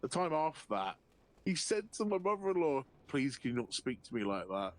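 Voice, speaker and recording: A man streaming a game, telling a long anecdote in a profane, animated way and often laughing. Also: fairly high pitch, fairly quick. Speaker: livestreamer. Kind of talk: casual storytelling while gaming.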